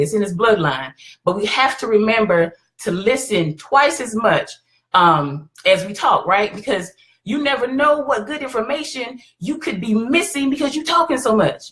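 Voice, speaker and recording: A woman's voice: mid-range voice, fairly bright tone. A woman hosting a live stream and giving motivational advice, encouraging and checking in with her viewers as she talks. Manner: encouraging, keeps checking in with "right?".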